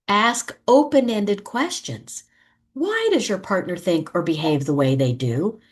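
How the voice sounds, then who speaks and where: A woman speaking at a conference, teaching relationship skills in a gentle instructional talk and acting out example lines. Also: fairly low pitch. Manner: gentle, animated delivery that acts out example lines.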